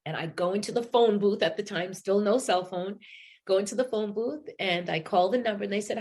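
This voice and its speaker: A woman's voice: medium pitch, fairly quick. A middle-aged woman from New England, a singer telling stories in a casual interview. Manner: animated storyteller, acts out quotes. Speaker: singer and guest.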